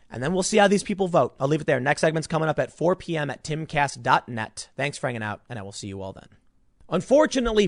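A man hosting a solo commentary show, talking in an opinionated, animated way and slipping into mocking impressions. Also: a little high, no echo, clean studio sound. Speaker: political commentator.

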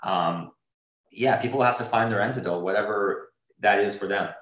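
A man answering interview questions, earnest and rambling, often stopping to restart his thoughts. His voice sits a little low. The recording has a noticeably roomy sound. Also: normal speed, a bit bright. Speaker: drummer being interviewed. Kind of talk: casual interview talk.

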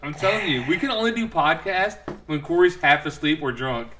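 A man's voice: fairly high pitch, lively intonation, a little fast, background noise. A young man co-hosting a podcast, teasing his friend in laid-back chat. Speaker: podcast co-host. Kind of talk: casual chat.

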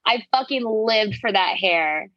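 A woman's voice: mid-range voice, animated, measured pace, no echo, muffled recording. A woman in casual chat, brash and profane, slipping into dramatic impressions.

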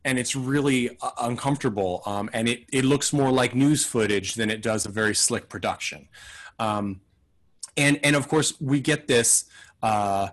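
A man's voice: medium pitch, moderate pace, a bit bright. A man co-hosting a casual film podcast, talking in a thoughtful, rambling, hedging way. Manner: acts out mock quotes in silly voices.

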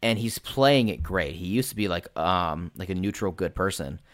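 A man's voice: sits low, lively intonation, moderate pace, no echo, studio quality. A man who runs tabletop games, chatting casually as a podcast guest and telling rambling, filler-heavy stories with some swearing. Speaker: game master and podcast guest. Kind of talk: casual interview chat.

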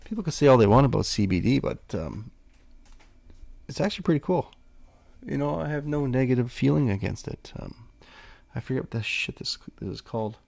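A man's voice: mid-range voice, lively intonation, fairly quick, vocal fry, darkish tone, no room sound. A man hosting a casual solo podcast, rambling in a laid-back way and swearing freely. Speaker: podcast host.

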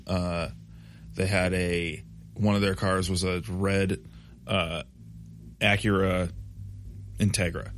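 A man's voice: low-pitched, slight background noise. A man in his thirties telling a loose, profane, rambling story in casual conversation. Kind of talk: casual chat.

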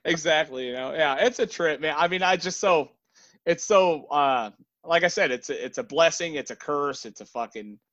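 A man's voice: fairly high pitch, normal speed, a bit bright. A man hosting a podcast in casual chat, rambling and often adding "you know what I mean". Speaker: podcast host. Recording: dull lo-fi sound.

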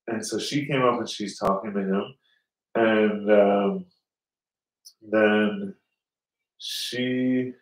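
A man's voice: on the low side, fairly even intonation, extremely slow, pauses often. A man telling a rambling story in casual chat, swearing a lot and acting out other people's lines. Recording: roomy sound from a distance.

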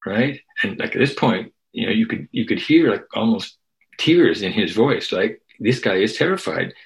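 An older man, a guest activist and historian, tells a story loosely and conversationally in an interview, often ending his sentences with "right?". His lowish, gravelly voice has lively intonation at normal speed, and the recording is rough.

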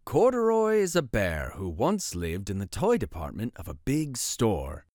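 A man's voice: fairly low pitch, wildly swooping pitch, a little slow, a little mellow, dry recording, clean studio sound. A man hosting a show and reading a bedtime picture book aloud, telling the story with voices. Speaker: host and story reader.

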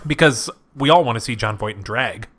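A man with a bright, forceful voice sits at mid pitch and chats in loose banter about films. He rambles, trails off and swears freely, laughing along with his co-host. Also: brisk. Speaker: podcast co-host. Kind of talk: casual banter reviewing movies.

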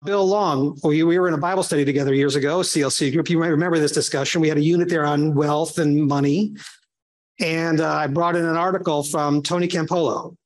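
A man leads a small Bible study group conversationally, speaking a little fast with fairly even intonation. When he quotes others, he acts out their voices with big jumps in pitch.

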